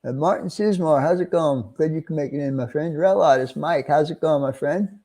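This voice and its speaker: Middle-aged New York man, casual livestream host, slightly high mellow voice, friendly and chatty. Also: moderate pace. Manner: chatty, greeting viewers one by one, chuckling.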